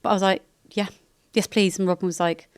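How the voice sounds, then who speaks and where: A woman, a podcast guest chatting casually and telling stories with lively reported speech. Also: medium pitch, fast, clean tone. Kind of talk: casual chat.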